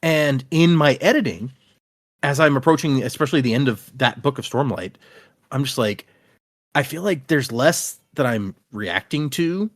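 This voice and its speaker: A man's voice: mid-range voice, animated, normal speed, dry recording, clean studio sound. A man hosting a casual podcast, reading listener emails aloud and laughing easily. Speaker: podcast host.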